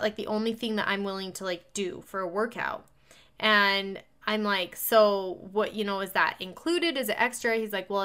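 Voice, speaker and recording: A woman with a medium-pitched voice tells a personal story in casual chat, animated as she acts out both sides of a conversation.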